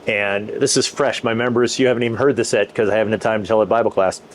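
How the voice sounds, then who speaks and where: Pastor co-host, lowish voice, loose anecdotal rambler who restarts often. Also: male voice, fairly even intonation, fast talker, a little hiss or hum. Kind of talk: casual chat.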